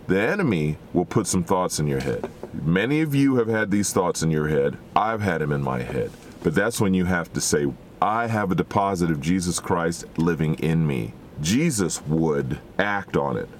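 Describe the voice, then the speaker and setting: Deep-voiced man preaching earnestly. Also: expressive, normal speed, a little hiss or hum. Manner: earnest, exhorting, with lots of rhetorical questions. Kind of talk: sermon.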